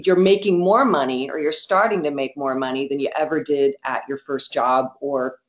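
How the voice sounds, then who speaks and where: Low-voiced woman, candid storyteller. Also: normal speed, highs cut off. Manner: candid, animated storytelling with quoted asides. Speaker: guest. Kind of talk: casual interview talk.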